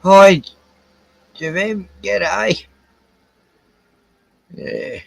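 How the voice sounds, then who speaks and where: A man's voice: high voice, fairly even intonation, very slow, vocal fry, dry recording, rough recording. An older Australian man rambling through a casual solo livestream at home, swearing freely as he drifts between topics. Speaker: livestream host.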